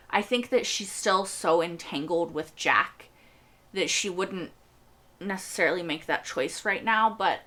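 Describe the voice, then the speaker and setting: A woman's voice: fairly low pitch, a bit bright. A young woman hosting a TV reaction video, rambling earnestly in casual chat and laughing often.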